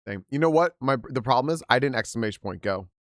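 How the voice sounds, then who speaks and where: Man, live game streamer, casual chat, lively pitch, dry close mic. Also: fast, no room sound. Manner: chatty, animated, greets chat by name. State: hiccuping.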